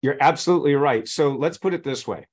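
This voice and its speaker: A man's voice: fairly high pitch, quick pace, slightly rough. A man speaking as a coaching guest on a podcast, explaining his method through examples and constantly checking in with his listeners. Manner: teaches through examples, keeps checking in with "right?".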